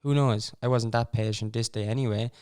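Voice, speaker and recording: A man's voice: medium pitch, fairly even intonation, brisk, warm tone, clear, resonant tone. A young Irish man hosting a podcast, telling stories in a rambling, casual way with wry asides and frequent restarts. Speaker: podcast host. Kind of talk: casual storytelling chat.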